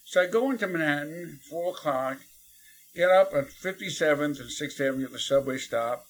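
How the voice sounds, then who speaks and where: Animated New man telling a story. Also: on the high side, normal speed, slight background noise, low-quality recording. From New York City. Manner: animated and chatty, many fillers and laughs. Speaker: interview guest. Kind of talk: storytelling in a conversation.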